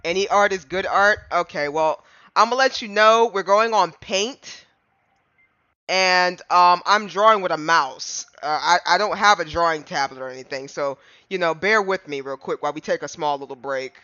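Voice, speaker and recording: A man's voice: high voice, moderate pace, bright, forceful tone, smooth, no echo, dull audio. A man streaming a game live, chatting casually and rambling to his chat between fits of giggles.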